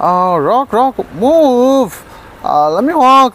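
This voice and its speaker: Outdoors on a city terrace and stairs, a man vlogs while feeding stray dogs, coaxing them with affectionate baby talk and laughing often. His high-pitched, sing-song voice is a bit bright and unhurried. The street recording is noisy.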